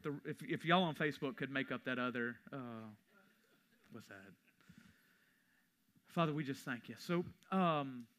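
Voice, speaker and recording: Bright-voiced pastor preaching. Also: male voice, medium pitch, unhurried, long pauses, a little hiss or hum. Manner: conversational storytelling, rising to emphatic preaching. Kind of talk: sermon. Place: church sanctuary.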